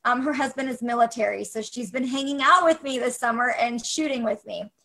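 High-voiced upbeat woman coaching on a livestream. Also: fairly quick, pushed and bright, rough recording. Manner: upbeat, encouraging, talks straight to viewers. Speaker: photography business coach. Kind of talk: casual livestream to a group.

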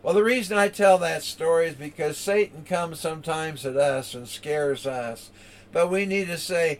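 A man's voice: fairly high pitch, moderate pace, slight background noise. An older man preaching a sermon in a folksy storytelling way, repeating words and adding uh fillers.

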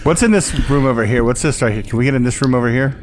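A man's voice: medium pitch, rapid-fire, background noise. A man playing a tabletop game, asking eager, probing questions. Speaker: player. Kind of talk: casual tabletop play.

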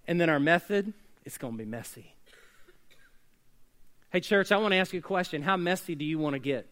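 A man preaching a sermon as pastor, swinging between loud emphatic bursts and quiet hushed lines. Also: a little high, moderate pace. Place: church sanctuary.

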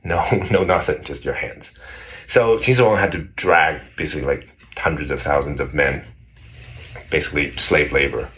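A man's voice: very deep voice, normal speed, a bit bright. A man casually telling a history story in conversation, rambling with many restarts. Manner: rambling, many restarts, acts out quoted voices. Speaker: guest explaining history.

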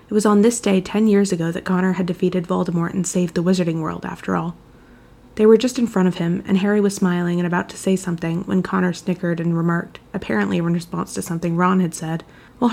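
Female narrator for fan fiction, measured pace, husky and slightly lower voice. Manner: steady, measured storytelling. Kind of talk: reading fan fiction aloud.

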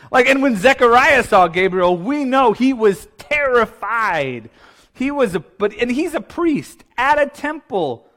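Laughing, conversational pastor with a higher voice. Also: male voice, a bit bright. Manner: conversational and playful, laughing often. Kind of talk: sermon.

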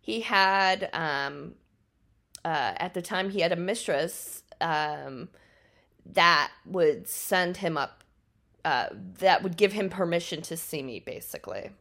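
Slow-talking woman telling stories. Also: fairly low pitch, fairly bright tone. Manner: laughs often, many ums. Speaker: podcast host. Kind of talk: casual storytelling.

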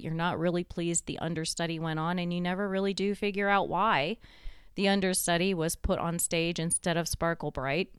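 A woman giving a reflective motivational talk, slowing down to stress key points and building them through repeated phrases. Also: fairly low pitch, smooth, no echo, clean studio sound. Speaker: motivational speaker.

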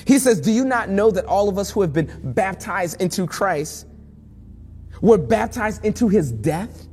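A man's voice: high voice, animated, measured pace, a little mellow, breathy edge, in a large hall, soft background music. A male pastor preaching a sermon in a conversational way that builds to fervent emphasis.

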